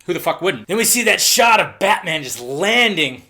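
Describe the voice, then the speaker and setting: Excitable high-voiced man reviewing films. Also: moderate pace. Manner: excitable, swears freely, lively asides. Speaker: film trailer reviewer. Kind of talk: casual film review monologue.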